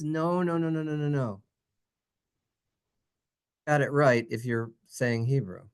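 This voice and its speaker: A teacher giving a playful, jokey Hebrew lesson over slides, in an animated, singsong voice. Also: medium pitch, normal speed, long pauses, clear, resonant tone.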